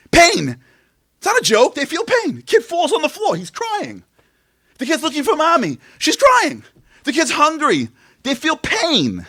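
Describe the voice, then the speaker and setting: Animated high-pitched man giving a talk. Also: no echo, studio quality. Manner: animated, rhetorical questions, swings from loud to hushed. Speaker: speaker at a Tisha B'Av event. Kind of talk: impassioned inspirational talk. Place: event venue.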